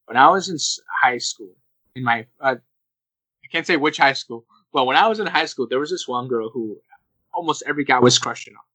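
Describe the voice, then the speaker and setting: A man's voice: mid-range voice, a little fast, dry recording, rough recording. A young man co-hosting a casual podcast, telling stories with lots of quoted asides. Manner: animated storyteller who slips into quoted voices. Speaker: podcast co-host.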